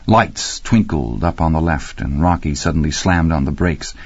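A man reading an audiobook in a wry, expressive storytelling manner. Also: rumbling low, normal speed, husky, no room sound. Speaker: audiobook narrator. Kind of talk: scripted narration. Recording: dry, slightly muffled recording.

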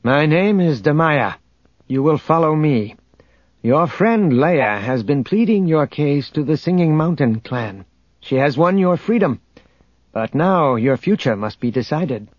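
A man's voice: a little high, expressive, a little slow, no room sound. A man voicing a stern, curt female warrior messenger in an audiobook, on a dull lo-fi recording.

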